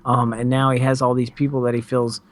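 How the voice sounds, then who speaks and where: A man's voice: mid-range voice, monotone, brisk. A man co-hosting a casual recap chat, talking in a laid-back, rambling way with plenty of fillers. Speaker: podcast co-host.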